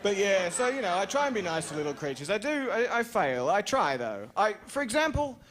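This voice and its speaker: High-voiced Australian man doing stand-up. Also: big pitch swings, a little fast, background noise. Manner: rambling, self-mocking storytelling with sudden high-pitched jumps. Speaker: stand-up comedian. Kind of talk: stand-up comedy routine. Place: comedy club stage.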